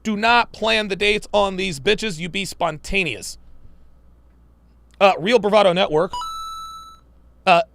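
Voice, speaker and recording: A man's voice: high voice, takes it slowly, creaky, long pauses, a bit bright, dry recording. A man hosting a live-stream commentary show, talking in a profane, emphatic and preachy way. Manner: mocks women in put-on voices.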